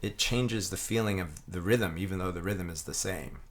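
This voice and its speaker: Male instructor, lowish voice, thoughtful and easygoing, talks through technique step by step. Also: normal speed. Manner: relaxed, reflective, chanting rhythm syllables aloud. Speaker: didgeridoo teacher. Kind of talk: explaining a playing technique.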